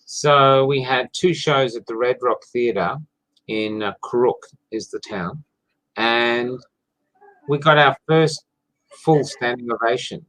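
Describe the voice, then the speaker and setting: A man's voice: medium pitch, slow pace, fairly bright tone, rough recording. Male playwright, casual storyteller, enthusiastic, mid voice. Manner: enthusiastic storyteller, rambling with restarts. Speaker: playwright and theatre maker. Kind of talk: casual chat.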